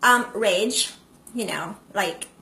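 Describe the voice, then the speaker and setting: A woman's voice: medium pitch, slow, creaky, bright, forceful tone. A woman hosting a live stream, chatting casually to viewers and greeting them by name. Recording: echoey room.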